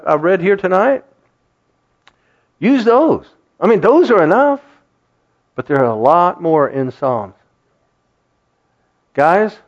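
A man's voice: on the high side, highs cut off. A man preaching a sermon, acting out quoted voices and laughing often. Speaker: pastor.

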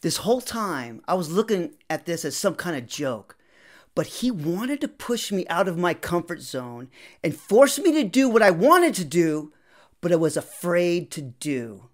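Lively man telling a personal story. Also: high-pitched, unhurried. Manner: lively, conversational, acts out quotes.

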